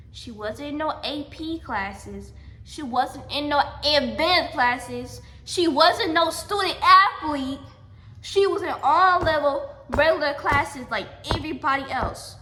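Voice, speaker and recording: A woman with a high, bright voice tells a storytime vlog straight to her viewers. She hammers her points with repetition and keeps calling them y'all. The room around her is echoey. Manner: emphatic, repeats lines, addresses viewers as y'all. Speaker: vlogger.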